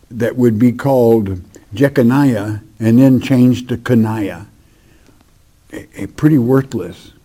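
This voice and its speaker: Man, preacher, Bible study, reads verses then explains, unhurried, hesitant asides, mellow tone. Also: medium pitch. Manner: reads scripture aloud then comments conversationally; slow and deliberate, with hesitations.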